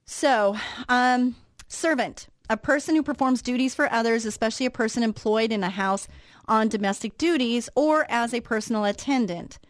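A woman's voice: fairly high pitch, moderate pace, no echo. Woman radio host, chatty storyteller, acts out the voices, dry close sound. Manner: animated storyteller, acts out quoted reactions. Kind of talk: casual storytelling and devotional talk.

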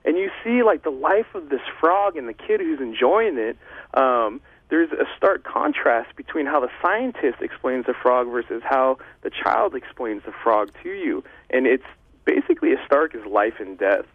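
A man's voice: medium pitch, big pitch swings, moderate pace, husky, dry recording. Young male guest over a thin phone line, earnest, emotional testimony. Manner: earnest and emotional, loose with fillers. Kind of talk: heartfelt faith testimony.

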